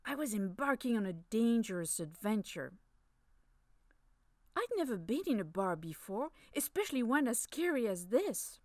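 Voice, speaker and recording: A woman narrating a story in the first person, expressive, slipping in playful French phrases. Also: fairly high pitch, normal speed, dry recording, clean studio sound.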